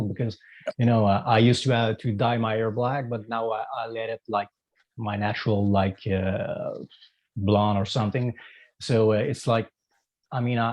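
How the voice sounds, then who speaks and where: A man's voice: mid-range voice, darkish tone, lo-fi sound. A man from Quebec with a Quebec French accent, a guest musician in a casual interview, talking hesitantly with many fillers and restarts.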